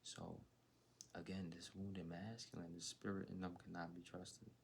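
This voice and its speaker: A man giving a live tarot reading to his chat in laid-back, slangy talk, sometimes dropping into soft whispered asides. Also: sits low, flat delivery, moderate pace, creaky, slight background noise. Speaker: tarot reader.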